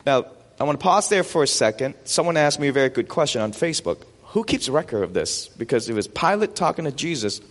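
A man preaching a sermon as pastor, animated and full of rhetorical questions. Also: medium pitch, quick pace, in a large hall.

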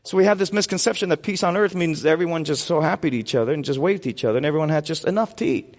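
Brief: male pastor, fairly high voice, preaching in a hall with a long echo, call-and-response. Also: very fast. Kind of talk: sermon.

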